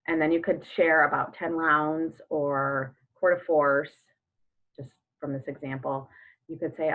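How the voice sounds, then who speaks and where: A woman's voice: deep voice, moderate pace. A woman in her thirties coaching in a chatty way, full of fillers and acted-out sample chats. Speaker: network marketing coach. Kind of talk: casual coaching talk. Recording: phone-like narrow sound.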